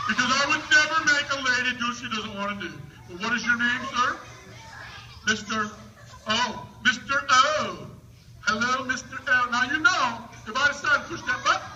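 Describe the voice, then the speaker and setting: A man's voice: extremely high pitch, moderate pace, pushed and bright, recorded from a distance, a little hiss or hum. A man from the northern United States presenting a comedic science show for schoolchildren, playful and teasing like a showman. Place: school auditorium with a live audience. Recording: echoey hall recording.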